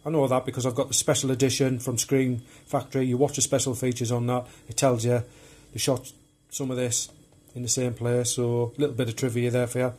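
A man's voice: mid-range voice, level tone, a little fast, hardly any pauses, darkish tone, husky. A man casually showing off his film collection on video, chatty and rambling as he talks. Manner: rambling and chatty, loose and unpolished. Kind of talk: casual show-and-tell of home video collection.

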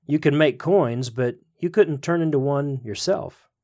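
A man's voice: fairly high pitch, measured pace, a little mellow. Man doing a smug, stingy trickster. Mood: sly. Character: stingy, sly male trickster blacksmith.

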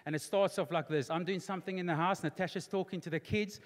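High-voiced preacher, booming hall. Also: male voice, steady tone, fast. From South Africa. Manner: emphatic, repetitive, builds to near-shouting. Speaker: pastor. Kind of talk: preached sermon. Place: large church auditorium. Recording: long hall reverb in church auditorium.

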